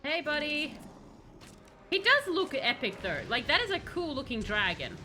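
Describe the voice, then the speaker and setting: A woman streaming a video game, chatting excitedly and talking to the characters on screen. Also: high voice, moderate pace, soft background music. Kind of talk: live gameplay commentary.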